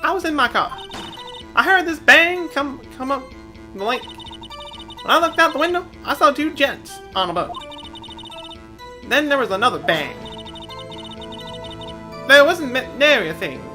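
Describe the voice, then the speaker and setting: A woman's voice: high-pitched, animated, a little slow, long pauses, bright, forceful tone, soft background music, voice pushed up, exaggerated voice. A man putting on a drawling Southern young woman. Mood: folksy. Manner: drawling, folksy. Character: young female research student, folksy witness.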